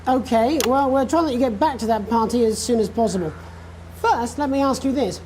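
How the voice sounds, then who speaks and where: An actress playing a polite, earnest news anchor with a polished manner. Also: female voice, fairly high pitch, brisk, dark tone, a little hiss or hum, close to an everyday voice. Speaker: news presenter.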